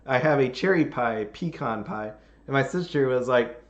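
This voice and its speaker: A man's voice: medium pitch, a little fast, muffled recording. A man hosting his channel, chatting casually and telling a rambling holiday story, laughing at it as he goes. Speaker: channel host.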